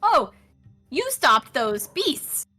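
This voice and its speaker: A grand, absent-minded city councilor holds court, as a woman game master puts him on. His lively voice climbs and swoops with stagey flourishes, bright and clear. There is faint music underneath. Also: high-pitched, voice pushed up, exaggerated voice. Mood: pompous. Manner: grandiose, drawn-out, slightly flustered. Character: pompous forgetful male city councilor. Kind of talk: tabletop role-play voice.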